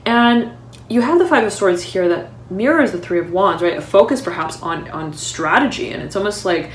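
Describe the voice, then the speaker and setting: A woman giving an intuitive tarot reading at home, talking haltingly and often pausing to say she is "hearing" words. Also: medium pitch, expressive, a little hiss or hum. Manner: halting, keeps repeating "I'm hearing" between words. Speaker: tarot reader. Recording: roomy echo.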